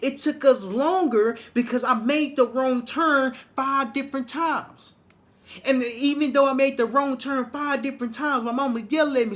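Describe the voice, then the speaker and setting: A man's voice: extremely high pitch, fairly even intonation, normal speed, a bit bright. A man from Arkansas, giving a motivational monologue in a preachy, repetitive way with many restarts. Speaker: motivational speaker.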